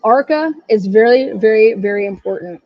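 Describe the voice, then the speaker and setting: A woman's voice: a little high, lively intonation, normal speed, no echo, highs cut off, soft background music. A woman hosting a true-crime livestream, ranting angrily and swearing heavily as she gives her commentary. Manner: angry, profane ranting. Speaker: livestream host.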